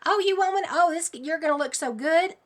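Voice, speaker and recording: A woman's voice: very high-pitched, brisk, pitched above the performer's own voice. A woman voicing a pushy male doctor hawking shots, in a sing-song, coaxing sales patter.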